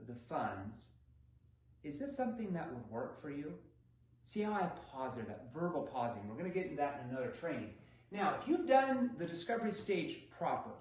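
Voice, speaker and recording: A fairly high-voiced man teaches sales technique in a lively, up-and-down way. He slips into short acted lines for buyer and seller, and his voice rings in a very echoey room. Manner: demonstrative, acts out prospect and seller lines with shifting tone. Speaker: sales trainer. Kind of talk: recorded sales training lesson.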